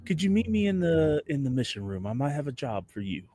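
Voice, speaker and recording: A man voicing a smooth crime queen who calls her people with soft, coaxing words. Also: a little high, very animated, a little fast. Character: smooth crime queen boss, woman, adult.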